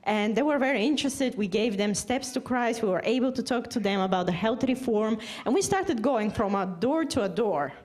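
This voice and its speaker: A woman's voice: fairly high pitch, a little fast, hardly any pauses. A woman doctor giving a chatty testimony talk at church, telling a story and acting out the dialogue. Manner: chatty, animated, acts out dialogue.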